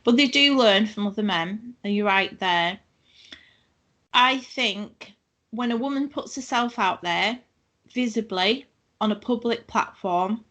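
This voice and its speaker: A woman of around sixty from England, hosting an interview conversation in a measured, reflective way. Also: mid-range voice, a bit bright.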